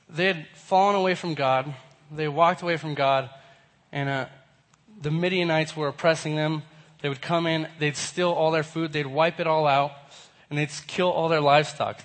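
A young man with a hoarse voice from a cold, casually teaching a Bible lesson to a group and often asking them questions. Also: on the high side, fairly bright tone. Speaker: youth pastor.

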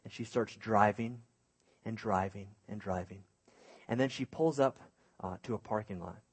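A man preaching through a lively personal story, self-mocking and animated, with hushed asides. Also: on the low side, normal speed, breathy edge. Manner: drops to a hushed voice for inner thoughts.

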